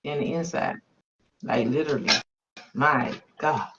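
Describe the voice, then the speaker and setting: A woman hosts a faith-centered conversation, speaking with emphasis and frequent exclamations of agreement. The recording is dull and a little lo-fi, the high end muffled. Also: normal speed, noisy background. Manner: emphatic, exclaims and affirms often. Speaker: podcast host. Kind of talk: faith-based conversational interview. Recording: dull lo-fi sound.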